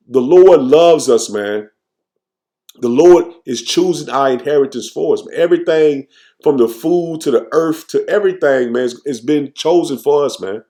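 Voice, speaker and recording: A man teaching scripture informally, tagging nearly every phrase with "man" and reading verses slowly with restarts. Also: medium pitch, animated, mellow. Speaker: preacher.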